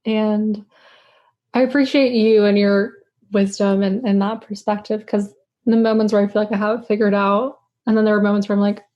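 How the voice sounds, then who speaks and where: A woman's voice: mid-range voice, level tone, a little fast, highs cut off. A young adult woman hosting a casual podcast chat, talking reflectively and rambling with many fillers. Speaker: podcast host.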